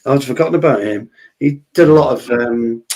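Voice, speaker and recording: A man's voice: medium pitch, brisk, darkish tone. A man co-hosting a casual podcast. He talks with eager enthusiasm and breaks into laughter often. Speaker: podcast co-host. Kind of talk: casual chat.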